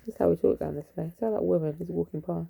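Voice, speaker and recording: A woman rambles through a tarot reading in a casual, sweary, joking way, breaking off to talk to her dog. Her voice is heavily gravelly and husky, with a dark, mellow tone sitting a little low. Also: racing, poor audio. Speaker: tarot reader.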